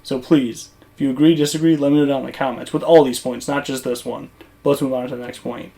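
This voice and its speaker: A man's voice: medium pitch, fairly even intonation, fast, gravelly, dark tone. Rambling man giving game commentary. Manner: rambling, conversational, many fillers and restarts. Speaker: gaming YouTuber. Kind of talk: casual commentary over gameplay footage.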